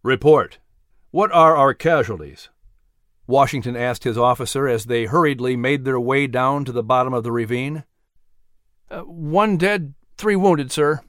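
A man reads a historical story aloud in a measured, dramatic way, like a scripted audio book. His pitch is middle for a man. The recording is dry and close, with no room sound. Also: no echo. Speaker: narrator.

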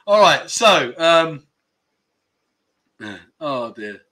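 Bright-voiced, chatty male livestream host. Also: on the high side, sing-song, extremely slow. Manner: chatty, laughs often, reads out viewer comments. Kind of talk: casual livestream chat.

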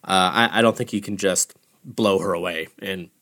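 A man co-hosting a podcast in casual chat, animated and profane, laughing often as he talks things over. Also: low voice, normal speed. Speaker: podcast co-host.

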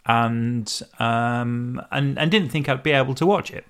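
A man's voice: mid-range voice, unhurried, a bit bright, smooth. A man hosting a casual solo podcast, talking in a rambling, chatty way and often correcting himself mid-sentence. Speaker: podcast host.

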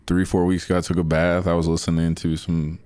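A man with a very deep voice chats casually as a podcast guest. His talk rambles and is loaded with filler words. The recording is dry and close, with no room echo. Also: completely flat delivery, fast, a little mellow, clear, resonant tone. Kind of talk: casual chat.

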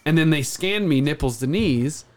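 Animated storytelling man. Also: on the high side, moderate pace. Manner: animated storyteller, acts out quotes loudly. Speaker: podcast host. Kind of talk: casual chat, storytelling.

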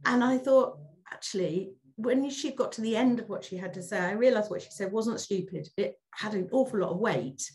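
A woman's voice: mid-range voice, moderate pace, a little mellow. A middle-aged woman speaking as an interview guest. She talks candidly and reflectively, often repeating words as she starts a thought.

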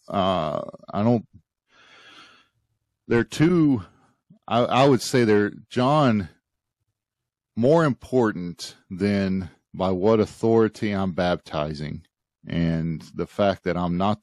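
A man hosting a Bible study podcast, talking thoughtfully with frequent pauses and fillers. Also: deep voice, darkish tone, dry recording, clean studio sound. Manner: thoughtful, hesitant, many fillers. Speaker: podcast host.

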